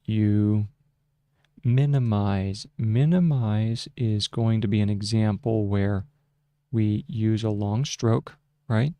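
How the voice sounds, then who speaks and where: Guy walking thru a tutorial at his desk, slow and halting, lots of ums, lowish voice, dry close mic. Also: steady tone, dark tone, smooth, no room sound. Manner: slow, halting, with many fillers and restarts. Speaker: shorthand tutorial host. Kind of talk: casual screen-share tutorial, thinking aloud. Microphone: close desk microphone with a mute button.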